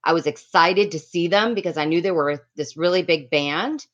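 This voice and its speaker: Speaking at a moderate pace in a lowish voice, this middle-aged woman from around Miami rambles through a casual story for her livestream viewers, calling out their names along the way. Her audio is lo-fi and a bit dull.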